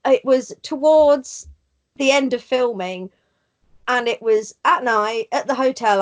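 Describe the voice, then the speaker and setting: A woman, a podcast co-host who chats in casual banter and tells mischievous stories. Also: a little high. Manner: chatty, mischievous storyteller.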